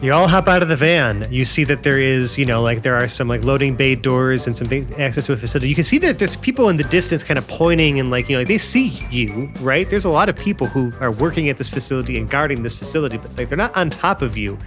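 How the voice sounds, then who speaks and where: A man's voice: mid-range voice, animated, quick pace, few pauses, fairly bright tone, soft background music. A man running a tabletop game as game master, talking loosely and rambling with lots of fillers.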